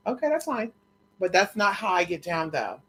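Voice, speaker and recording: A woman's voice: on the low side, very animated, moderate pace, fairly bright tone, a little hiss or hum. A woman in casual storytelling chat, sassy and profane, acting out both sides of conversations. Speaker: vlogger telling stories.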